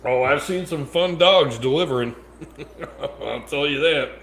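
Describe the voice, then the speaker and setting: A man chatting as a panel guest, telling joking stories in an animated, casual way. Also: fairly high pitch, a little slow. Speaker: panel guest, delivery driver and mobile notary. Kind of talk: casual storytelling chat. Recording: echoey room with faint noise.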